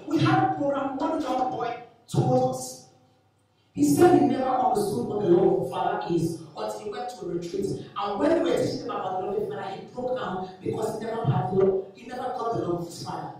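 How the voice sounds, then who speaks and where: A woman's voice: a little high, dark tone. A woman in her forties, a family teacher giving an earnest, impassioned talk to an evening audience and repeating her points for emphasis. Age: 40s. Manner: earnest, repetitive, builds to emotional emphasis. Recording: very echoey hall, distant mic.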